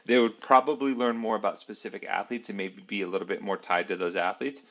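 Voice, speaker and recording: A man's voice: lowish voice, fast, a bit bright. A man co-hosting a podcast in casual chat, rambling and leaning on filler words. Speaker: podcast co-host. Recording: slightly dull lo-fi audio.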